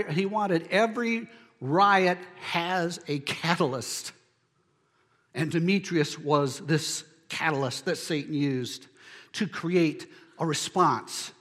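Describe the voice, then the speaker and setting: A man preaching a sermon as pastor, building to emphatic near-shouts on key lines. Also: sits high, big-room sound.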